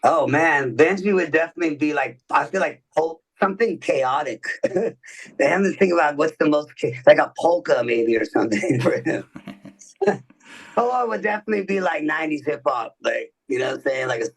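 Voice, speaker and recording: A man's voice: on the high side, expressive, fairly quick. Laid-back man, distant from the mic. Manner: laid-back, slangy, laughs often. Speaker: guest musician. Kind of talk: casual podcast interview chat.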